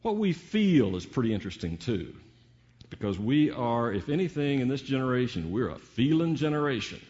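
A man preaching a sermon in a teacherly way, slowing down on key words and asking rhetorical questions. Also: medium pitch, big pitch swings, a little mellow, dull audio. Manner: teacherly, varied emphasis with drawn-out pauses and rhetorical questions.

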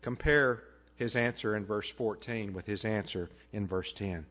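A man preaching a sermon as pastor, earnest, building up loud and then dropping soft. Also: on the low side, a little slow. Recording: tinny phone-like band.

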